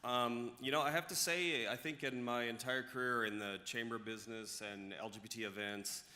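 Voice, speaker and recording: A man's voice: medium pitch, fairly even intonation, moderate pace, bright, forceful tone. A man accepting an award at a gala, speaking humbly and from the heart without a prepared speech. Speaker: award recipient, chamber of commerce leader. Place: large gala ballroom. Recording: reverberant hall sound.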